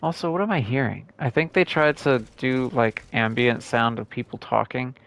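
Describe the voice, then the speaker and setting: A man's voice: medium pitch, normal speed, creaky, a bit bright. A young man casually commenting on a game, joking and reading letters aloud. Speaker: gamer streamer.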